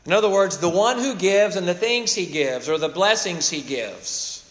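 High-voiced male preacher in a reverberant hall. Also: lively intonation, moderate pace, a bit bright. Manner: expository preaching, dynamic with emphatic swells and drops. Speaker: pastor. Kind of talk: sermon.

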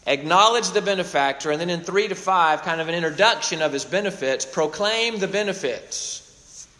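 A man's voice: high-pitched, expressive, normal speed, pushed and bright, in a large hall. A man preaching a sermon, expounding scripture with emphatic swells and sudden drops in volume. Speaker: pastor.

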